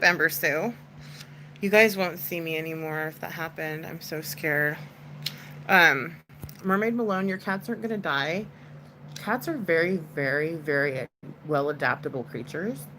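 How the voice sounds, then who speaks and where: A woman's voice: low-pitched, bright, forceful tone, a little hiss or hum, poor audio. A woman hosting a casual livestream chat, talking to viewers in a chatty, comforting way with lots of "like" fillers.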